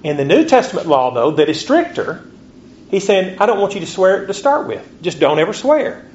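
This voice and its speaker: A man preaching a sermon, reading scripture slowly and lifting his voice on rhetorical questions. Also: high-pitched, big pitch swings, a little mellow, a little hiss or hum. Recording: dull lo-fi recording with faint ambience.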